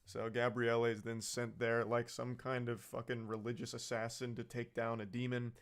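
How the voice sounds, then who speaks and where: A man's voice: medium pitch, little pitch movement, moderate pace. A man giving a casual, comedic movie recap, rambling and sarcastic, with plenty of swearing.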